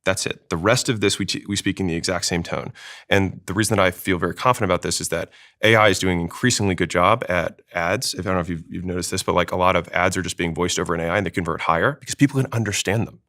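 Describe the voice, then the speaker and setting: A man talking fast as a sales trainer, explaining with examples in an interview. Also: sits low, bright, forceful tone. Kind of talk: casual interview talk.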